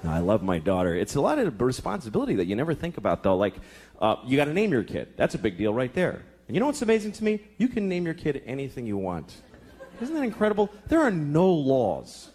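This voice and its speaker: A man's voice: medium pitch, wildly swooping pitch, quick pace, slight background noise. A man in his thirties doing a crude, exasperated stand-up routine on a club stage, acting out voices. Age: 30s. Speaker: stand-up comedian. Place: comedy club stage with audience. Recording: live club recording, loud crowd laughter.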